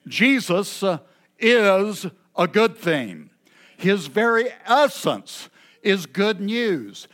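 A man preaching a sermon at an evening church service, halting often with filler pauses. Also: sits high, big pitch swings, fairly bright tone. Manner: unhurried, halting delivery with many filler pauses. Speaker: pastor.

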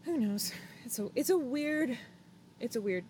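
A woman's voice: a little high, expressive, measured pace, dark tone, a little hiss or hum. A woman co-hosting a casual podcast chat, talking freely, swearing and acting out what others said. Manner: chatty, swears, acts out drivers' lines. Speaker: podcast co-host. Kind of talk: casual chat about motor racing.

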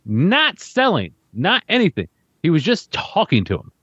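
A man's voice: on the high side, wildly swooping pitch, normal speed, a bit bright, breathy edge, dry recording. A man co-hosting a podcast, telling a story in casual chat, swearing a lot and acting out what others said. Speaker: podcast co-host. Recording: slightly muffled, dry audio.

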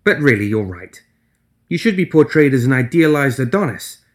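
A man's voice: big pitch swings, moderate pace, close to an everyday voice. A man reading a storybook, voicing a chatty, nervous young woman writer with a mouse-like voice. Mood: nervous, eager. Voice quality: mouse-like, high voice. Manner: eager, nervous rambling.

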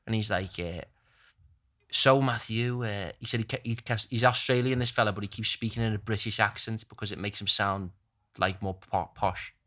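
Young man, low voice, rambling chatty storyteller. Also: brisk, few pauses. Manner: rambling animated storytelling with British slang. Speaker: storyteller in casual chat. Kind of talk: casual chat.

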